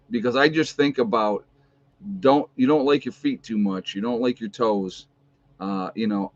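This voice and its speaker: Chatty American man rambling on a dull mic. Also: no room sound. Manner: rambling, chatty, many fillers and restarts; high baby talk to his dogs. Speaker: vlogger. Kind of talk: casual livestream chat.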